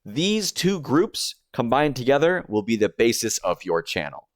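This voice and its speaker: A man's voice: medium pitch, sing-song, a little slow, no room sound. A young adult man, a streamer and YouTuber, narrating a scripted video essay and explaining things step by step.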